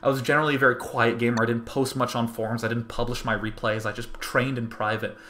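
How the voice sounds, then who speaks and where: A young man tells a personal story in a bright, forward voice. His delivery is animated and rambling, and he keeps restarting sentences as he works through his thoughts. It sounds like a casual monologue from a host. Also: mid-range voice, fast, slight background noise.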